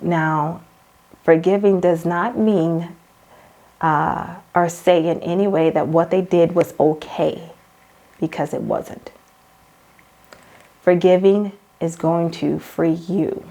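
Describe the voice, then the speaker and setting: A woman hosts a motivational faith talk in a lower-pitched voice. She coaches the listener directly, circling back to the same phrases and calling her girl and hon. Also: fairly even intonation, slow, pauses often, mellow. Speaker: host.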